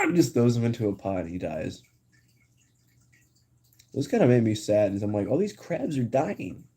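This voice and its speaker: A young man talks casually to his live-stream viewers in a rambling, slang-heavy way. His voice sits low with a dark, mellow tone. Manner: rambling, slangy, full of "like" and "dude".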